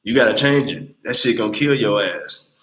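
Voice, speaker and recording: A man in his late twenties talking bluntly and with lots of swearing on a casual livestream, telling animated stories. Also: mid-range voice, normal speed, reverberant, low-quality recording. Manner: blunt, profane, animated storytelling. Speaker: livestream host.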